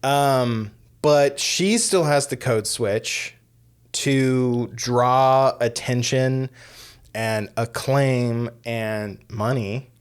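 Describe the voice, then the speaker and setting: A man's voice: mid-range voice, extremely slow, clean tone. A man co-hosting a podcast, chatting casually about films, hesitant and full of fillers. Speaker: podcast co-host. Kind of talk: casual film discussion.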